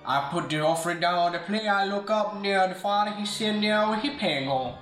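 A woman's voice: medium pitch, a little fast, close to an everyday voice. A woman voicing a garbled, folksy old churchwoman who drawls her gossip, in a roomy studio with faint music. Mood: gossipy. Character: mumbling old churchwoman, hard to understand.

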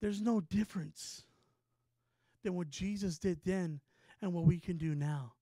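A man from Texas preaching a sermon, telling a story with rising excitement and stammered repeats. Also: high-pitched, unhurried, dry recording.

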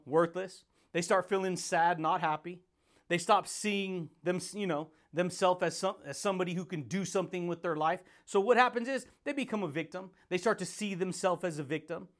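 A man's voice: high-pitched, fairly bright tone. A man hosting a self-help podcast, giving a hyped, playful motivational monologue, laughing often and calling listeners buddy and baby.

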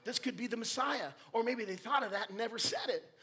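With a very high voice and a brisk delivery, a male preacher addresses his congregation. He alternates quiet remarks with loud, emphatic bursts, sprinkling in jokes and puns.

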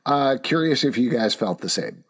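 A man's voice: mid-range voice, animated, normal speed, a bit bright, slightly rough. A man co-hosting a comic book review podcast, chatting casually and joking between credit readouts. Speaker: podcast co-host.

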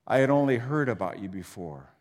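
A man preaching a sermon with dramatic delivery, swinging from loud declarations to near whispers. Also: medium pitch, lively intonation, a little fast. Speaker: pastor. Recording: long hall reverb.

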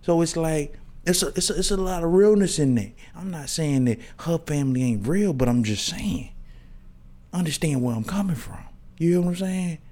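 A man's voice: fairly high pitch, lively intonation, normal speed, a little mellow. A man in his thirties hosting a podcast, telling loose, slangy stories with many restarts and asides. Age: 30s. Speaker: podcast host. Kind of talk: casual monologue.

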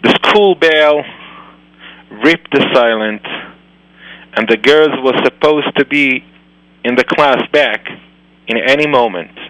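A man, a rabbi telling a moral story in halting, phrasing. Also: mid-range voice, fairly bright tone, no room sound, rough recording. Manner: slow, halting non-native phrasing. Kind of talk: storytelling lecture.

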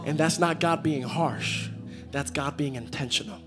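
A man preaching a sermon to a live church congregation, repeating phrases and building to loud, shouted peaks. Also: a little high, normal speed, music in the background. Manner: engages the congregation directly.

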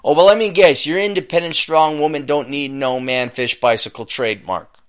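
A man hosting a podcast, ranting scornfully and profanely at an article he reads aloud, often bursting into shouting. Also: a little high, normal speed, smooth. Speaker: podcast host. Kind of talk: comedic rant reacting to a read-aloud article.

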